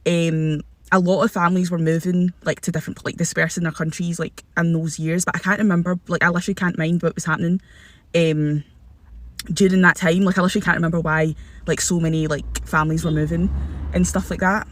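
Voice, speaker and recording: A man's voice: a little high, level tone, a little fast, fairly bright tone, no room sound. A young man in his twenties with a Scottish accent, chatting to camera and rambling with lots of fillers. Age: 20s. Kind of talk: casual chat to camera.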